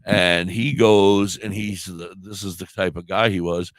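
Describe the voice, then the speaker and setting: Deep-voiced man with a sore throat on a talk radio show, telling a story with swearing and acted-out dialogue. Clear, dry sound. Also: a little slow, dry recording. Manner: animated, acts out quoted dialogue, swears freely. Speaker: puppeteer and live streamer.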